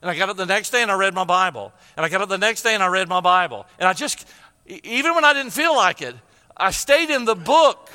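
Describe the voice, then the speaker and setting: Older preacher guy, high voice, emotional story sermon in a big echoey hall. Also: expressive, quick pace, bright, forceful tone.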